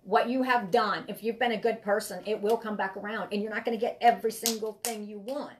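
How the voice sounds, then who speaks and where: A woman's voice: mid-range voice, fairly even intonation, a little fast. A woman giving a live tarot reading, talking in a rambling, heartfelt way and often repeating herself. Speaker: tarot reader.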